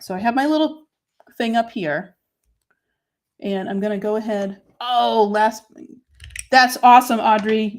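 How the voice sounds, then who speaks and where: A woman hosting a live papercrafting stream, chatting casually as she narrates each step and greets viewers by name. She is self-deprecating and talks as she works with her hands. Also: a little high. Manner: answers viewer comments by name.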